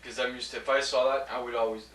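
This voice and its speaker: A man's voice: mid-range voice, little pitch movement, fast, a bit bright. A man, a student in a classroom, answering hesitantly with many uh and um. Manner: hesitant, full of uh and um. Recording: echoey classroom from far off, faint hiss.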